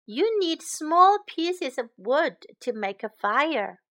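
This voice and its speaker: A woman voicing a cheerful, friendly little boy in a storybook, with a lively, bright delivery. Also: high-pitched, slow, pitched above the performer's own voice, full character voice.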